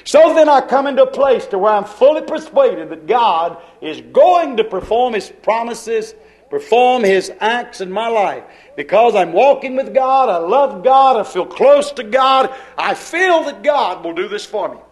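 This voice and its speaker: A man's voice: very high-pitched, animated, a little slow. A man preaching a sermon, telling the story in a folksy way and repeating key phrases.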